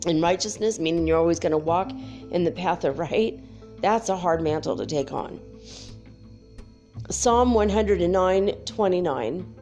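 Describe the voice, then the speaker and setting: A woman's voice: fairly low pitch, expressive, a little slow, darkish tone, soft background music. A woman talking candidly to her viewers about faith and her past, emotional and laughing often, sometimes swearing. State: tearful at times. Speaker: spiritual vlogger. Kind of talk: casual confessional talk to viewers.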